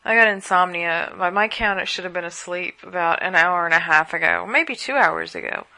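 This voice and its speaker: A woman's voice: fairly low pitch, normal speed, creaky, sharp tone. A woman hosting a podcast at home late at night, sleepy and worn out, rambling casually through asides. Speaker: podcast host.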